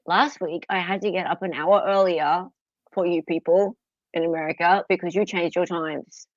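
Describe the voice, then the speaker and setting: Speaking at normal speed in a fairly low, steady tone, a middle-aged Australian woman greets viewers on a casual home livestream. She's chatty and giggly, and the dry recording comes through as slightly dull lo-fi audio.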